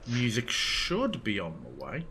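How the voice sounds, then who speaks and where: A man running a tabletop game as game master, with drawn-out, vivid description of the scene. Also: mid-range voice, huge pitch swings, noisy background.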